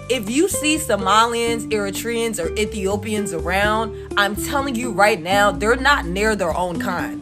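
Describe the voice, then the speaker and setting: A woman giving a casual, emphatic reaction rant in slangy speech, breaking into laughter. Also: a little high. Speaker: social media commentator.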